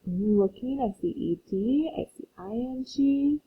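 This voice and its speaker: Slow, patient woman teaching phonics. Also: fairly high pitch, expressive, slightly rough. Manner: slow, patient, reads aloud to young learners. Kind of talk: phonics lesson for children. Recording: tinny phone-like audio.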